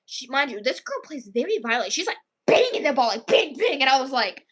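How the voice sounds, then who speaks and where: A woman's voice: sits high, sing-song, brisk. A young female vlogger casually telling a long story, rambling with many "I was like" asides.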